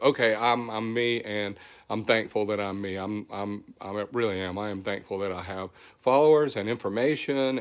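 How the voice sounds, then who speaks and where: A rambling, folksy man with a Southern country drawl and a voice still a little hoarse from recovering. He talks in an easygoing, grateful way, greeting viewers one by one as the host of his weekly livestream. His pitch sits in an ordinary middle range. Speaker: host of a weekly tech show.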